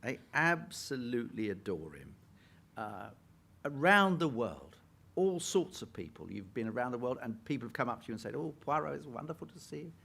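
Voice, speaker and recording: Husky male interviewer, lively. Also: mid-range voice, normal speed. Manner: lively, prompting. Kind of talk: interview questions.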